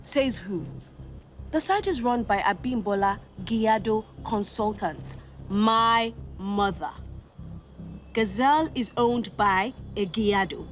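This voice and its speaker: A woman plays a haughty young Nigerian executive in a TV drama, speaking in a voice of middle pitch. She is cold and cutting and talks down to the people who work for her. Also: slow pace, faint music behind, lightly acted. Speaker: company executive. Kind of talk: TV drama acting.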